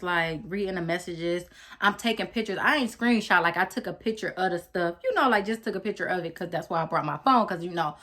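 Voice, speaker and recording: Woman vlogger doing a storytime, bright voice, chatty, talks right to the viewers. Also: fairly low pitch. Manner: animated, talks straight to viewers, acts out quotes. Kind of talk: storytime vlog.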